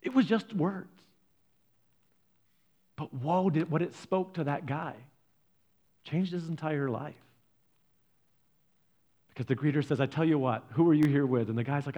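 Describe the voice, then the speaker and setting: A man preaching a sermon, telling stories earnestly, swinging from loud stresses to soft, hushed lines. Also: on the high side, normal speed, long pauses. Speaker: pastor.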